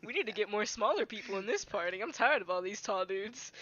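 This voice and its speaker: Bright-voiced playful tabletop player. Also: mid-range voice, expressive, a little fast, no room sound, dull audio. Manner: playful, joking banter. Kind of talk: casual tabletop chat.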